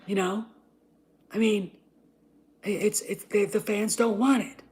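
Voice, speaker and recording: A woman host delivers an unscripted, profane rant at a mid pitch. She repeats herself for emphasis. She swings between a breathy unvoiced whisper and sudden loud bursts. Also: fairly even intonation, measured pace. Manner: drops to an unvoiced whisper and back. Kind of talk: ranting casual commentary.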